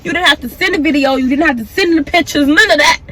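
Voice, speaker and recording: A young woman vlogger casually retelling a personal story, animated and profane, acting out the back-and-forth. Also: sits high, quick pace. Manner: animated, profane, acts out the dialogue.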